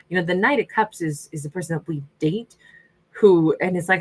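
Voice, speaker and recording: A woman's voice: lowish voice, brisk, slightly rough, rough recording. Sassy woman giving a tarot reading. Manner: sassy, animated, voices imagined quotes. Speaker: tarot reader.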